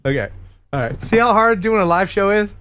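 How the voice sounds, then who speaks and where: A man's voice: sits high, lively intonation, fairly quick, very noisy. A man hosting a casual live-stream chat, joking and playful as he talks. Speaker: host of a live show.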